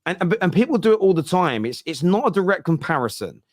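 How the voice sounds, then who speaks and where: A man hosting a football fan show, reacting fast to viewer comments in casual discussion. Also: sits high, sing-song, no echo, clean studio sound.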